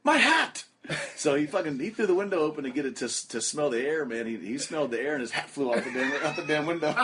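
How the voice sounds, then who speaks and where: A man hosting a casual podcast, telling profane, animated stories and putting on loud voices for the people in them. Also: fairly high pitch, fast talker, hardly any pauses, noisy background. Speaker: podcast host. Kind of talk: casual chat.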